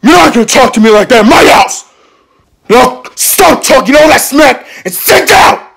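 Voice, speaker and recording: A man doing Mr. Miller, short-tempered yelling teacher. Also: medium pitch, normal speed, husky, lightly acted. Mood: raging. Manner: blows up into yelling tirades.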